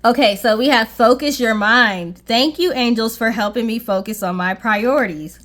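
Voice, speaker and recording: High-voiced woman giving a tarot reading. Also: normal speed, a bit bright. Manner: reassuring, repeats "okay?" often. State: briefly out of breath. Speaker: tarot reader. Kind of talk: casual tarot reading to viewers.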